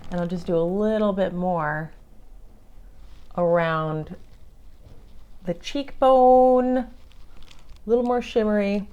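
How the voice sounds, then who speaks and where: A woman's voice: medium pitch, mellow, clean tone. A woman chatting through her makeup routine in a casual tutorial, playful and affectionate, calling viewers darlings. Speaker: makeup vlogger.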